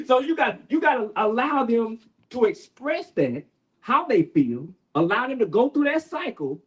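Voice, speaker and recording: A man's voice: very high-pitched, sing-song, moderate pace, rough recording. An older man on a community panel, talking in a folksy, preacher-like way and often checking in with "right?". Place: bookshop event room.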